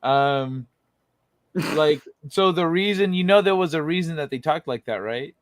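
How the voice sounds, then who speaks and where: A man's voice: on the high side, normal speed, dry recording. A young man co-hosting a casual chat, laid-back and joking while he explains things.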